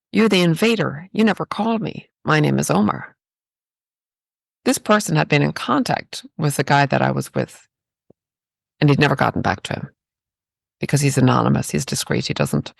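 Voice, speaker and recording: Irish woman guest, heavy vocal fry, lively pitch, reflective storyteller, dry close sound. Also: no room sound. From Ireland. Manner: reflective and spiritual, with rhetorical "right?". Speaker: podcast guest. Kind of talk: personal storytelling.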